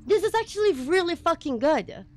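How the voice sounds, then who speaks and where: A woman streaming a game live, reacting excitedly, swearing, and thanking viewers in casual chat. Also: very high voice, moderate pace. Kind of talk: live gameplay commentary.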